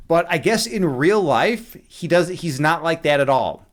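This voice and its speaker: A man's voice: a little high, big pitch swings, normal speed. Rambling male streamer chatting casually. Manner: rambling, restarts a lot, casual swearing. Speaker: live streamer. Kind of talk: casual chat during a chess stream.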